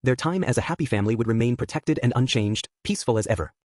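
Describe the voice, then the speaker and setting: A man narrating an audiobook with a steady storytelling read. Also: mid-range voice, fast talker, no room sound, clean studio sound. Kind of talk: scripted narration.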